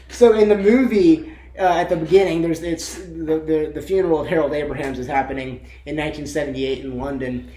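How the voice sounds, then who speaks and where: A man's voice: on the high side, dark tone, a little hiss or hum. Rambling young man in echoey room. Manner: rambling, many fillers, laughs often. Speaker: co-host of a movie discussion channel. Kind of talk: casual chat.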